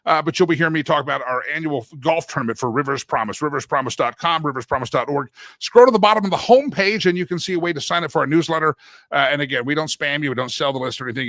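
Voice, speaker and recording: A man's voice: a little high, bright, forceful tone, dry recording. A middle-aged man from Texas hosting a talk show, rambling and joking in casual chat. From Deep East Texas. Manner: rambling, joking, self-interrupting.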